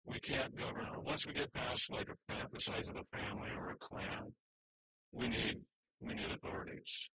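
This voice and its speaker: A man's voice: mid-range voice, moderate pace, pushed and bright, slight background noise, poor audio. A man preaching a sermon, earnest and emphatic, with frequent restarts as he works through scripture slides. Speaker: pastor.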